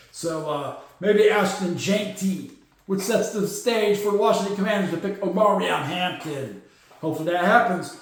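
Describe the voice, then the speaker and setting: High-voiced man chatting football in an echoey room. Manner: chatty, opinionated, mocking, acts out players in quick asides. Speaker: podcast host. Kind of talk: casual solo sports talk.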